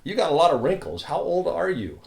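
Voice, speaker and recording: A man's voice: a little high, very animated, a little fast, gravelly, a little mellow, echoey room, voice pushed up. A man voicing a blunt, outspoken older man who asks tactless questions.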